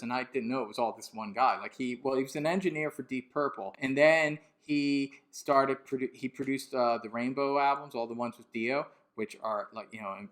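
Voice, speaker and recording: This is a man speaking casually on his own music channel, with no script. He rambles and corrects himself mid-sentence while his enthusiasm keeps running. His voice sits at an everyday middle pitch. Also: a bit bright. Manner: rambling and enthusiastic, full of "you know" and self-corrections. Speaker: music YouTuber. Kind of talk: casual unscripted monologue.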